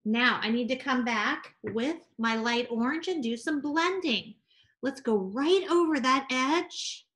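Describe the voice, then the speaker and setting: A woman art teacher gently talking children through a painting demonstration, encouraging and sing-song. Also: high-pitched, lively intonation, unhurried.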